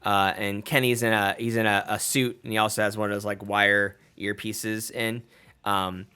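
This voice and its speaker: Male game master, loose and chatty, slightly low-pitched. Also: little pitch movement, normal speed, bright, forceful tone, clear, resonant tone. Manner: casual, rambling, many fillers. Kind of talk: narrating a tabletop game.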